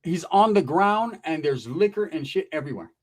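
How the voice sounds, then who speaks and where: At a normal speed and with a slightly high voice, a man narrates a comedic story, crude and slangy, bringing its characters to life by voicing them animatedly.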